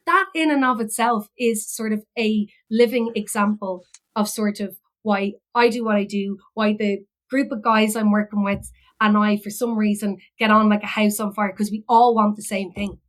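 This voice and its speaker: Irish woman guest, rambling heartfelt storyteller, lots of fillers, medium-pitched voice. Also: fairly even intonation, moderate pace, poor audio. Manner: rambling, many fillers and restarts. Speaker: podcast guest, philosophy educator. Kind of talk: emotional personal storytelling.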